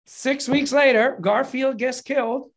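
A man, a film and TV producer, telling a long story in a casual interview, animated and swearing freely. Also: very high voice, unhurried, vocal fry.

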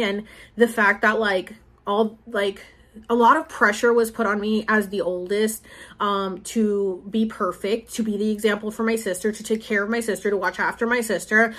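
A woman's voice: fairly high pitch, moderate pace, a bit bright. A young woman in her twenties talking casually and emotionally, rambling with many fillers as she shares a personal spiritual update. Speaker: spiritual vlogger and podcaster.

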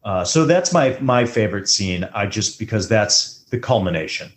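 A man co-hosting a movie podcast in casual chat, joking and getting animated as he riffs on scenes. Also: normal speed. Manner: animated, jokey, rises high when riffing. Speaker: podcast co-host.

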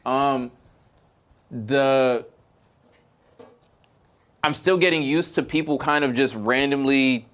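A man's voice: mid-range voice, slow, pauses often, fairly bright tone. Hesitant, thoughtful podcast co-host man. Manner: reflective, hesitant storytelling with many fillers. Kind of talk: casual chat.

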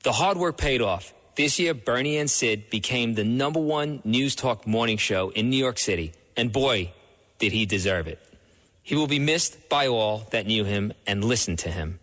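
A man reading a scripted station tribute in a measured, solemn way. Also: mid-range voice, animated, a bit bright, in a large hall. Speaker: station announcer.

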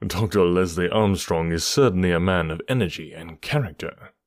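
A man voicing a brisk, sharp-witted male detective with a measured, probing, dryly ironic delivery. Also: low-pitched, no room sound, clean studio sound, natural voice.

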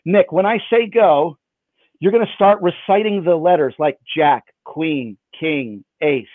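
A man's voice: a little high, measured pace, dry recording. A man performing magic for someone over a video call, with playful, self-mocking patter. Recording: dry, phone-like band.

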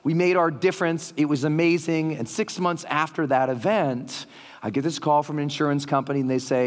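A man speaking on stage to a live audience, telling a story with energy and acting out the lines of the people in it in a raised voice. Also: fairly quick. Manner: animated storytelling, acting out quotes in a higher voice. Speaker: motivational speaker. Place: large hall with a live audience. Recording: long hall reverb.

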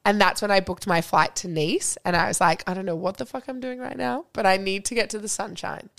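A woman's voice: medium pitch, steady tone, a little fast, vocal fry, a bit bright. Chatty young woman. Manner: chatty storyteller, lots of "like" and laughs. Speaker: podcast guest. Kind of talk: casual chat.

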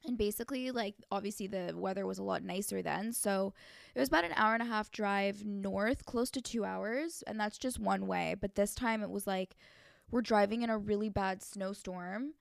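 A young woman, co-hosting a podcast in casual chat and reacting warmly to her friend. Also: mid-range voice, moderate pace, creaky, no echo, studio quality. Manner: responsive, agreeable listener. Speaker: podcast co-host.

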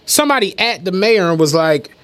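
High-voiced Philly man telling stories. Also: a little fast. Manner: animated, slangy storyteller who acts out quotes. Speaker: podcast co-host. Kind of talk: casual chat, storytelling.

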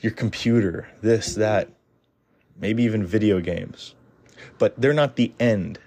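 Blunt man rambling in a low mellow voice. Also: slow pace. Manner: blunt, rambling, frequent restarts and "you know" fillers. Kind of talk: casual opinionated monologue.

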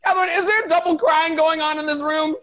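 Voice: mid-range voice, sing-song, normal speed. A performer voicing a grumpy, exasperated husband in an improvised comedy sketch. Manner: gruff, exasperated yelling. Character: grumpy, shouting husband on a work call.

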